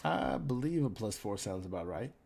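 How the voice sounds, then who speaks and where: A man running a tabletop game as game master, narrating scenes in a relaxed, descriptive way. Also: lowish voice, moderate pace, vocal fry, a little hiss or hum.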